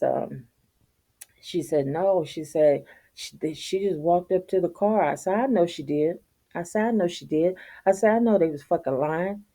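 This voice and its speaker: A woman's voice: low voice, creaky, mellow. A middle-aged woman telling a story to her channel in a blunt, profane rant, laughing often and tagging lines with "okay?". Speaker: vlogger.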